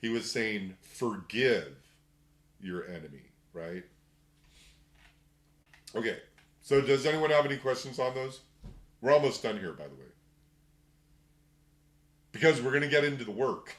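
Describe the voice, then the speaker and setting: A man's voice: mid-range voice, animated. Casual man teaching a group, echoey room. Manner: loose and conversational, acting out little scenes in quick voices. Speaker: workshop teacher. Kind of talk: casual spoken lecture.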